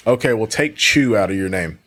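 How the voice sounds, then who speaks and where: A man's voice: lowish voice, expressive, a little fast, fairly bright tone, a little hiss or hum. A man doing reaction commentary, sarcastic and exasperated, swearing freely as he pushes back on a streamer's clips. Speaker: commentary host.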